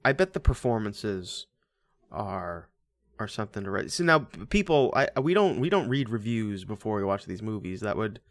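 A man co-hosting a podcast, chatting casually about a movie with quick jokes, asides and frequent laughs. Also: fairly low pitch, sing-song, no room sound, clean studio sound. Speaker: podcast co-host.

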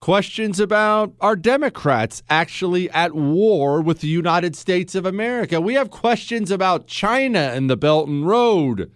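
Sarcastic, lively talk radio host man. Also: high voice, a little slow, hardly any pauses, clean tone, dry recording. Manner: sarcastic and animated.

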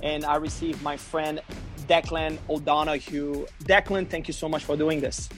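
A man's voice: fairly high pitch, little pitch movement, normal speed, a bit bright, faint music behind. A man hosting a podcast interview, talking eagerly in a casual way, with loose grammar. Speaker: podcast host.

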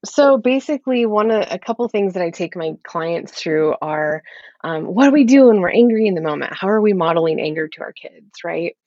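Woman, parenting coach, steady instructive talk, lower voice, muffled lo-fi sound, dry. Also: brisk, dry recording. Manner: steady, instructive, lays out steps. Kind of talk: explaining in an interview. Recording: slightly dull lo-fi audio.

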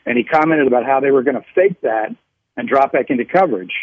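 A man calling into a sports radio show, talking football hesitantly with many pauses and restarts. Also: medium pitch, animated, husky, no echo. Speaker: caller. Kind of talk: phone-in caller talking football. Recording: tinny phone line.

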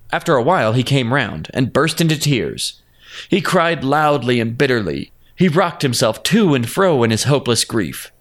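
Man, storybook narrator, mid pitch, animated intonation, steady expressive telling.

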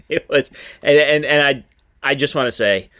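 A man co-hosting a sports podcast, chatting casually with many fillers and lively bursts of excitement. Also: mid-range voice, unhurried. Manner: animated, hesitant with many fillers. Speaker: podcast co-host.

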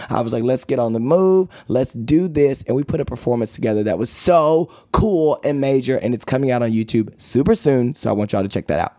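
A man hosting a podcast, telling a story in a chatty, campy, animated way with playful asides. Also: no room sound, clean studio sound. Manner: animated, campy, chatty, with lots of "okay?" and "girl"; dramatic pitch swings and playful asides. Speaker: podcast host. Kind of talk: casual storytelling monologue.

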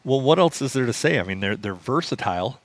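A man's voice: medium pitch, expressive, quick pace. A man co-hosting a podcast, telling rambling stories in a wry, casual way. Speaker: podcast co-host.

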